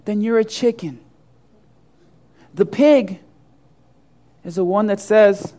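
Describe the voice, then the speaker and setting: High-voiced preaching man. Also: slow pace, long pauses, mellow. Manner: storytelling preacher, acting out voices. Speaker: pastor. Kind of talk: sermon.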